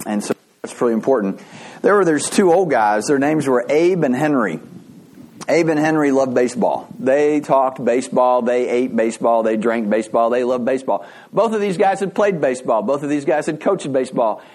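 A middle-aged male pastor delivers a sermon in a slightly mellow, mid-range voice at a moderate pace. He tells stories loosely and conversationally, often restarting what he's saying.

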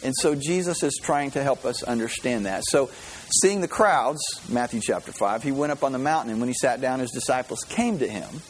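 A man's voice: mid-range voice, moderate pace, slight background noise, low-quality recording. A man preaching a sermon as pastor, in a folksy storytelling way with many fillers and restarts.

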